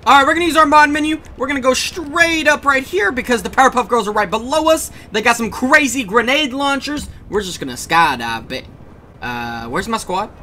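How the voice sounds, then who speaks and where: A man giving excited gameplay commentary, shouting and reacting fast as he plays. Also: extremely high pitch, a little hiss or hum. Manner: hyped, shouting at the game, quick reactions. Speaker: gaming YouTuber.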